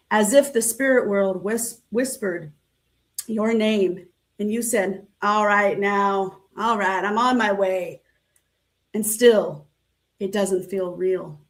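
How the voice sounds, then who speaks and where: Woman reading her poem, slow and deliberate, tribute feel. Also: a little high. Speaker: poet. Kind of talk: spoken word poetry reading.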